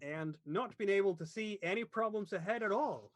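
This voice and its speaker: A man narrating a tabletop game as game master, pausing often to search for words. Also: high voice, dry recording.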